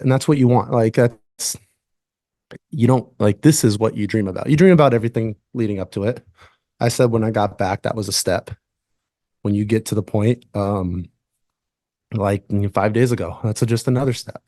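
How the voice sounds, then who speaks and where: A man in his thirties, a pitcher answering reporters at a press conference, halting with many fillers and restarts. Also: mellow, no room sound, clean studio sound. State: tearing up. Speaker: baseball pitcher.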